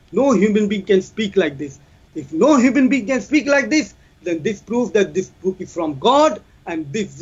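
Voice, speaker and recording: A man's voice: high-pitched, slightly rough, lo-fi sound. A man presenting his case in a debate, reciting verses and translating them with repetitive emphasis. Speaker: Muslim debater.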